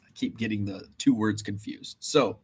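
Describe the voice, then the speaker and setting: A man's voice: lowish voice, normal speed, breathy edge. A man in a casual vlog, retelling his errands in a rambling, exasperated way with lots of fillers. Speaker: eBay reseller and channel host.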